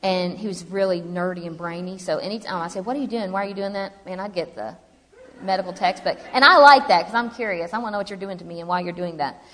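A woman's voice: fairly low pitch, quick pace, a bit bright. A woman telling her personal story to an audience in a chatty, humorous way. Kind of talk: personal testimony to a live audience. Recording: long hall reverb.

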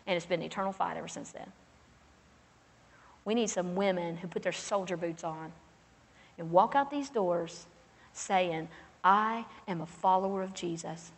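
A woman's voice: fairly low pitch, normal speed, gravelly, long pauses, slightly rough. A woman preaching a fervent, emphatic, folksy sermon as a pastor's wife. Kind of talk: sermon to a women's gathering. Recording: long hall reverb.

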